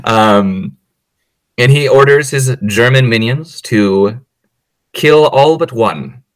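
A man's voice: medium pitch, slow, no echo. A man co-hosting a podcast, recapping a movie in casual chat, acting out the characters' lines and laughing often. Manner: animated storyteller, acts out quotes, laughs often. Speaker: podcast co-host.

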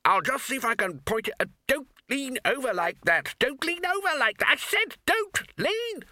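A man's voice: sits high, expressive, quick pace, bright, forceful tone, no echo, clean studio sound, pitched above the performer's own voice, full character voice. A man voicing a nervous wizard pleading anxiously with a passenger.

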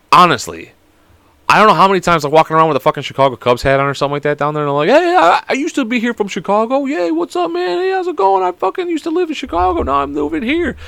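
A man's voice: medium pitch, bright, forceful tone, dry recording. A young man in his twenties hosting a solo podcast, rambling and joking with constant swearing. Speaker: podcast host. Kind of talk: casual solo podcast chat.

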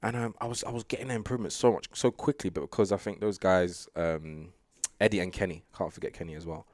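A fast-talking young man with a low voice, appearing as a guest sprinter, keeps the interview chat casual and relaxed, rambling and laughing with many fillers. No echo, clean studio sound.

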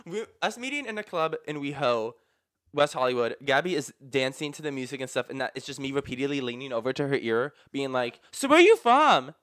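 A man's voice: mid-range voice, fairly quick, a bit bright. A man co-hosting a podcast in casual chat, rambling and using lots of filler words. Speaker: podcast co-host.

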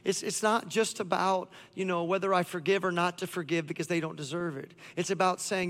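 A man's voice: sits high, steady tone, brisk, hardly any pauses, a bit bright, long reverb tail. A man preaching a sermon as pastor, impassioned, building to fervent intensity as he voices God speaking. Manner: impassioned, voicing God's lines with rising intensity.

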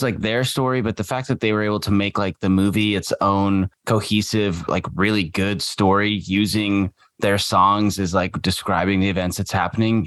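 Deep-voiced man, earnest and fond. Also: a bit bright, no echo. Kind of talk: casual chat.

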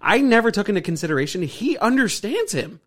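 A man hosting a casual podcast chat, excitable and repeating himself, swearing often. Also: sits high, brisk. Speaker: podcast host.

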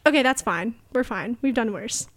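A woman's voice: on the high side, expressive, normal speed, fairly bright tone. A young woman co-hosting a podcast, recapping a movie in a rambling, giggly way, swearing freely. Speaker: podcast co-host. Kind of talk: casual comedic movie recap.

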